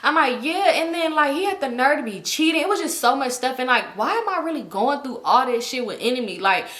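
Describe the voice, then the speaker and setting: A woman's voice: high voice, animated, fairly quick, a bit bright, roomy sound. A woman vlogger telling a rambling, profane story in a casual way, full of fillers.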